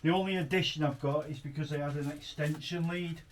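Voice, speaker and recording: A man's voice: a little high, fairly even intonation, a little fast. Chatty man unboxing in his garage. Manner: chatty and rambling, thinks aloud. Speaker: tool reviewer. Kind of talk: casual chat while unboxing. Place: home garage workshop.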